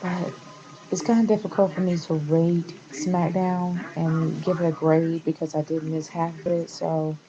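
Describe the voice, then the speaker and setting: A woman's voice: sits low, flat delivery, measured pace, dull audio, crowd noise. A woman vlogger giving a passionate, exasperated rant in a casual rambling style, often restarting her sentences. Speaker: wrestling vlogger. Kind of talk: casual opinion rant to camera.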